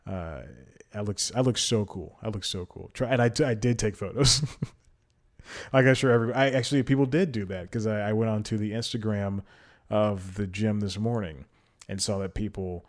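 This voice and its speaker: Here the young man hosting the podcast has a lowish voice and a moderate pace, rambling through a casual solo chat and laughing at himself often. He's at home in a city battered by a storm.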